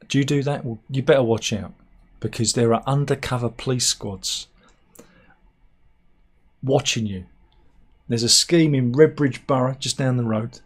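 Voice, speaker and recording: Man, satirical news vlogger, sarcastic, rambling, deadpan asides, close mic. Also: mid-range voice, measured pace, pauses often. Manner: sarcastic, mock-serious, mutters asides. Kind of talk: rambling comic news commentary.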